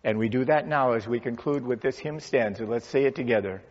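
Man, pastor, sermon, dramatic pauses, dull recording, reverberant sanctuary. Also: mid-range voice. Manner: slow, dramatic pauses and swelling emphasis. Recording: dull sound with long church reverb.

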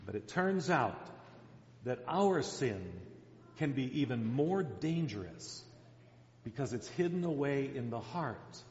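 A man's voice: mid-range voice, big pitch swings, slow, a little mellow. A man preaching a sermon, telling the story dramatically and acting out the quoted lines. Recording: echoey hall, dull sound.

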